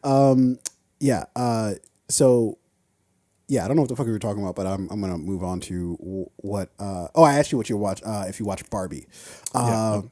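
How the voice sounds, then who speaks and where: A man's voice: on the low side, normal speed, warm tone. A man hosting a podcast in casual chat, teasing his co-host, swearing freely and laughing often. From United States.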